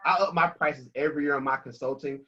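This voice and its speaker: A man's voice: a little high, quick pace. Emphatic preachy man on a video call. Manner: emphatic, preachy, slangy and energetic. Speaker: financial coach guest. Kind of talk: animated motivational talk on a video call. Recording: dull lo-fi call audio.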